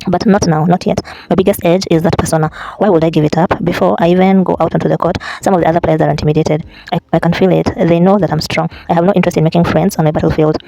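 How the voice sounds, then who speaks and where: A vlogger casually chatting, then reading a book aloud in a halting way, restarting and correcting words. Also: medium pitch, steady tone, vocal fry, mellow, soft background music, rough recording. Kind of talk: casual vlog and unpolished read-aloud.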